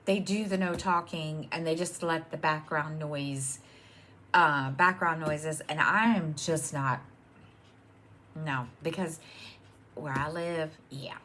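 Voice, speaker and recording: A woman's voice: deep voice, slow, bright, forceful tone, slight background noise. A middle-aged woman chatting casually at home as host of her own stitching channel, rambling with many ums and restarts. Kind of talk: casual chat to camera.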